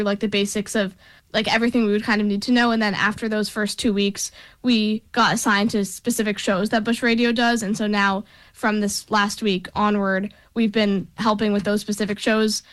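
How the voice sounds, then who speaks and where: A woman's voice: on the high side, fairly bright tone. A young woman, a radio intern, answering interview questions in a chatty way with many filler words.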